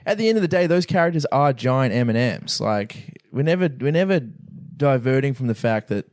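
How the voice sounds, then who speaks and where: A man's voice: medium pitch, no room sound, clean studio sound. A man co-hosting a music review podcast, chatting casually, swearing freely and laughing with his friends. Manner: swearing, animated, quick to laugh. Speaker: podcast co-host. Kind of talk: casual chat.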